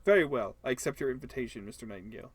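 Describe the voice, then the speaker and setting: A man's voice: mid-range voice, expressive, racing, breathy edge, dry recording. A man voicing a stubborn, grumpy middle-aged homeowner who talks in a curt, dismissive way. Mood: gruff, curt.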